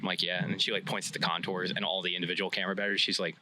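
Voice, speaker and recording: A man's voice: sits low, little pitch movement, rapid-fire, bright, forceful tone, a little hiss or hum, poor audio. A man hosting a podcast, telling a casual story with loose, profane humor. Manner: storytelling, profane, laid-back. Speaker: podcast host. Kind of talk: casual chat. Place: event venue.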